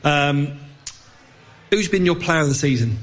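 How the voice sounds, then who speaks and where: Fairly high-voiced man hosting a chat. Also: animated, fairly bright tone. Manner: brisk, steers the conversation. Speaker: podcast host. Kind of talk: casual chat, asking questions.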